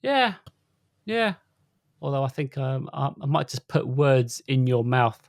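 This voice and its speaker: A man co-hosting a casual podcast, talking in a halting way with frequent restarts and wry jokes. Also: mid-range voice, big pitch swings, vocal fry, no echo. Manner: halting, stumbles and restarts words; jokey, wry asides. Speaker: podcast co-host.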